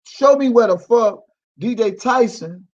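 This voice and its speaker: Guy with a high voice ranting on his livestream, mocking, repeats himself, swears a lot. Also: unhurried, darkish tone, lo-fi sound. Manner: mocking, repetitive, profane. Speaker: livestream host. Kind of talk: heated livestream rant.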